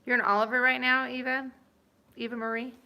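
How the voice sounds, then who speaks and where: A woman's voice: on the high side, level tone, fairly quick, creaky, sharp tone. A young woman co-hosting a casual livestream, asking playful questions and joking along. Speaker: co-host of a family livestream. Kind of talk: casual live-stream chat.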